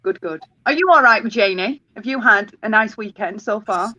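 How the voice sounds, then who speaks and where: A woman's voice: mid-range voice, lively intonation, moderate pace, sharp tone, no echo. A woman chatting eagerly and asking lots of questions in a casual chat, heard over dull lo-fi call audio. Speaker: co-host.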